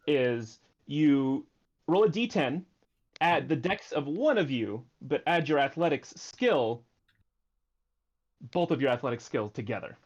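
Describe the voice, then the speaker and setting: A man's voice: fairly high pitch, lively intonation, unhurried, highs cut off. A man running a tabletop game as game master, explaining the rules and thinking aloud.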